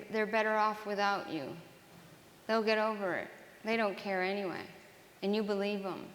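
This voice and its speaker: A woman telling her own life story to a live audience, earnest and halting, with frequent restarts. Her voice carries through a large, roomy hall with a long reverb tail. A faint hum of room noise sits behind her. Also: mid-range voice, a bit bright. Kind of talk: personal testimony talk to an audience.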